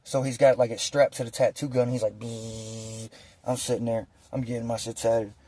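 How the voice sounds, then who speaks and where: Young adult man, storytelling, street slang, mellow voice, dry close sound. Animated, acts out dialogue. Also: medium pitch, quick pace, breathy edge, dry recording. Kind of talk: casual prison storytime.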